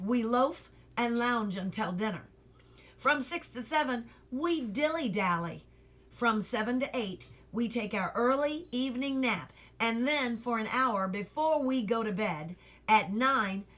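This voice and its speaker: A woman reads a children's novel aloud at a slow, unhurried pace. Her voice is bright and a little high, and she slips into lively voices for each character. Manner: animated character voices, laughs and corrects slips. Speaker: reader.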